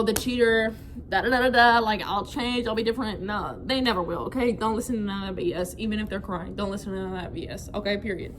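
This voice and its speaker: A young woman telling a frank, animated storytime to her viewers, full of slang and "like". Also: mid-range voice, fast, noisy background. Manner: animated, frank, slangy, many fillers like "like" and "bro". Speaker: vlogger. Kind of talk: casual storytime chat.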